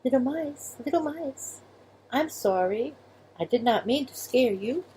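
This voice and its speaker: Woman doing a soft little five-year-old girl. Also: sits high, animated, measured pace, a little hiss or hum, voice pushed up. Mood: soft apologetic. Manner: soft, sweet, apologetic.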